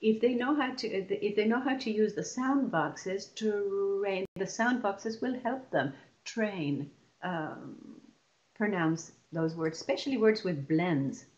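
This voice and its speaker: A woman leading a lesson for teachers, explaining patiently and stretching example words out slowly. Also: medium pitch, highs cut off. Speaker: teacher trainer.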